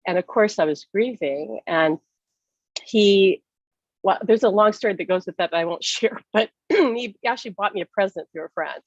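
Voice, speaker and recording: A woman's voice: normal speed, no room sound, lo-fi sound. Earnest woman telling a personal story. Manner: earnest and emotional, pitch leaps up when reliving distress. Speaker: summit speaker. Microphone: video call.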